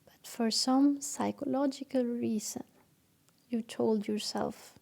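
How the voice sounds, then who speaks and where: A woman's voice: a little high, fairly even intonation, slow pace, creaky, darkish tone. A woman talking earnestly to camera in a reflective monologue, telling stories with acted examples and sometimes dropping to a whisper. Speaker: self-help video host.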